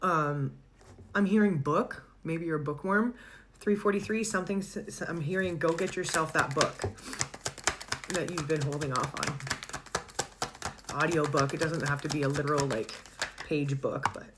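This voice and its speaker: Low-voiced woman giving a chatty tarot reading. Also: normal speed, noisy background. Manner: chatty, warm-hearted, laughs often, searches for words. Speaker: tarot reader.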